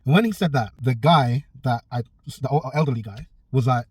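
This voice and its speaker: Guy ranting fast about a gym run-in, husky voice, sits back from the mic, dry sound. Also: mid-range voice, very animated, no room sound, far from the mic. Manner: blunt, swears a lot, acts out both sides of a quarrel. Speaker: personal trainer. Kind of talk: casual story-time vlog.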